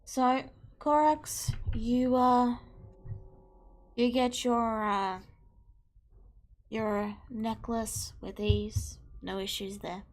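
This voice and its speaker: A woman running a tabletop game as game master, unhurried and hesitant. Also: on the high side, steady tone.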